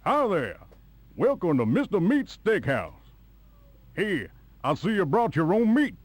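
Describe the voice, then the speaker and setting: A creepy folksy steakhouse host. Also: male voice, sits high, wildly swooping pitch, unhurried, a little mellow, dry recording, full character voice. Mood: menacing welcome. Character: folksy, creepy male steakhouse owner in a horror game.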